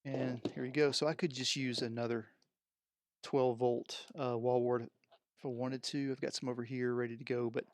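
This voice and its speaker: A man's voice: medium pitch, little pitch movement, moderate pace, no echo. A man live-streaming from his home studio, rambling and thinking aloud as he unpacks and wires up music gear. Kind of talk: unscripted live stream chat. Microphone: headset microphone.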